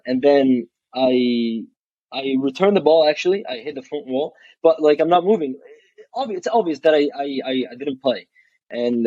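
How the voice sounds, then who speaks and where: A man's voice: medium pitch, mellow, dry recording. A young man, a college athlete guest, telling a story in a casual interview, frank and blunt, swearing freely and restarting his sentences often. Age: young adult. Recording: dull, dry recording.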